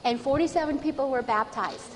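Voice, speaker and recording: A woman training church members, telling stories with lively earnest enthusiasm. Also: sits high, a little fast, long reverb tail, a little hiss or hum, rough recording. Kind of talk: storytelling talk to an audience.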